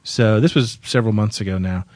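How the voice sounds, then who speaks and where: A man co-hosting a podcast, telling stories in a quick, self-deprecating, casual way. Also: on the low side, darkish tone, dry recording. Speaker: podcast co-host. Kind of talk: casual chat.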